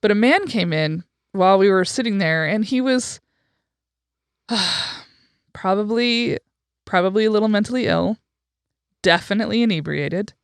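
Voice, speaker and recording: Woman podcast host, frank chatty storyteller; smooth resonant tone, dry close sound. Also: mid-range voice, lively intonation, moderate pace, pauses often, no room sound. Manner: chatty, frank, with frequent fillers and profanity. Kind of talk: casual conversational storytelling.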